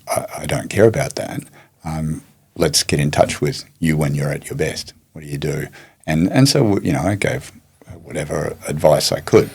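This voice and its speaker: Male guest, low husky voice, reflective storyteller. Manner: reflective, unhurried anecdotes with many restarts. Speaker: martial arts teacher and guest. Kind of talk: storytelling in a podcast interview.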